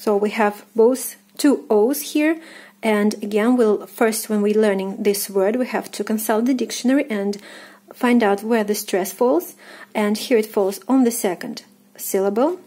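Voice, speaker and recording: Slow, husky Russian-accented woman teaching. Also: mid-range voice, mellow. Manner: patient, repeats words slowly, hesitant fillers. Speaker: language teacher. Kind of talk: pronunciation lesson.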